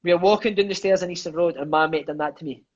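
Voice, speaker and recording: Speaking as a guest on a podcast, a Scottish man in his thirties spins quick, enthusiastic stories in relaxed conversation. He swears freely and peppers his talk with "mate" and "aye." The recording is muffled, and his pitch is fairly high.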